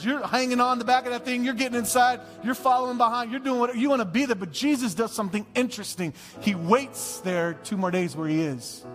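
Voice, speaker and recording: A male pastor preaching a sermon, telling a Bible story in a lively, conversational way and acting out the scenes. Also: high-pitched. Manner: animated, conversational, acts out the scenes. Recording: long church-hall reverb, faint music.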